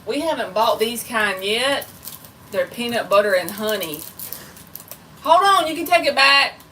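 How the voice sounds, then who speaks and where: A woman's voice: on the high side, lively intonation, unhurried, pushed and bright, recorded from a distance, slight background noise, low-quality recording. A woman tarot reader chatting casually and rambling on a live stream, talking straight to her viewers. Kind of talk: casual livestream chat.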